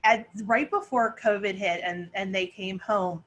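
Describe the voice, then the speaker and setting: A woman's voice: mid-range voice, fairly even intonation, a little slow, a bit bright, muffled recording. A middle-aged woman, a parent panelist, telling a long story with many restarts over a video call.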